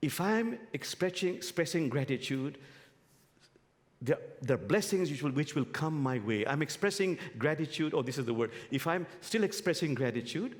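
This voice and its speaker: A man preaching a light-hearted sermon, playful and storytelling, his voice sitting fairly high and swinging widely. It is picked up in a sanctuary with a long reverb. He moves easily between jokes and reflection. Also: lively intonation, normal speed. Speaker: imam, guest speaker. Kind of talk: sermon with humorous stories. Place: spiritual center sanctuary.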